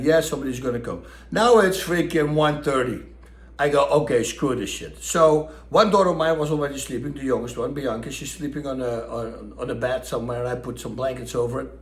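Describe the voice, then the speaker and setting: A middle-aged man with a Dutch accent telling a story casually and animatedly, acting out what people said. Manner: animated, acts out quotes with raised pitch. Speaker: storyteller host. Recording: echoey room.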